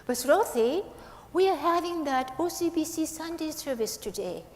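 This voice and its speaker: A woman's voice: high-pitched, expressive, moderate pace. A woman minister giving a playful children's sermon with a puppet, coaxing the kids with questions. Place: temple hall. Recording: echoey hall, faint hiss.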